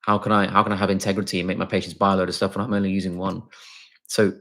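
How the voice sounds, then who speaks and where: A man with a low voice and a gravelly fry hosts a relaxed live question-and-answer stream as a doctor. He reads viewer questions aloud and answers off the cuff, often restarting his sentences and filling pauses with ums. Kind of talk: casual live Q&A.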